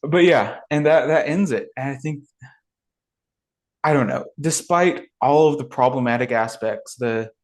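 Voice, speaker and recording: In a relaxed film review conversation, this podcast co-host, a man, works through his thoughts slowly, with lots of fillers and false starts. His pitch is medium and his pace slightly slow.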